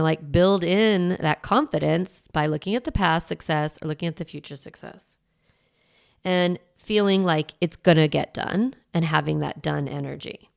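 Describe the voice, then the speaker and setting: A middle-aged woman hosting a parenting podcast, teaching in a chatty way full of "like" and quick restarts. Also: lowish voice, vocal fry, darkish tone. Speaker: parenting coach and podcast host. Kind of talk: casual solo podcast teaching.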